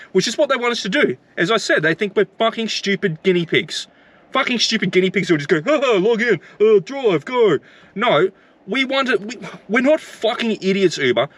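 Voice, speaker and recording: A man's voice: fairly high pitch, fairly bright tone. A man who drives for delivery apps, ranting angrily to camera, swearing and repeating himself. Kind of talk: angry rant to camera.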